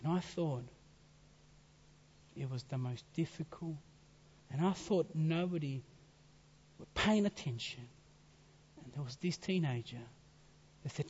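A man with a high-pitched voice delivers a sermon, swelling to loud emphasis and then dropping to near-whispers. The sound is dull and muffled, carried by a long hall reverb. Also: a little slow, long pauses, slightly rough. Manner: dramatic swings from loud to hushed whispers. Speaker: preacher.

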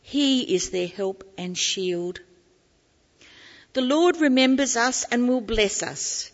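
A woman reading scripture aloud in church, slow and deliberate. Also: a little high, animated, in a large hall, lo-fi sound. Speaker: scripture reader.

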